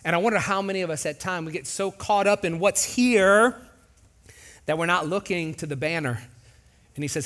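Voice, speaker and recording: A man preaching a sermon as pastor in a large church, animated and jokey, acting out voices. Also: high voice, moderate pace.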